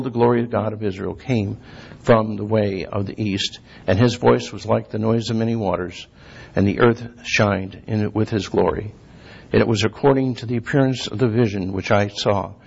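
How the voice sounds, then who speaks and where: A man giving a sermon, reading scripture slowly and clearing his throat often. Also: on the low side, a little mellow. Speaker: lay preacher. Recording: dull lo-fi recording.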